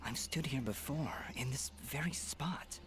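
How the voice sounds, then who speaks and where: A man voicing a brooding young swordsman hero in a video game, speaking quietly and half-whispered. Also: mid-range voice, unhurried, natural voice. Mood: reflective.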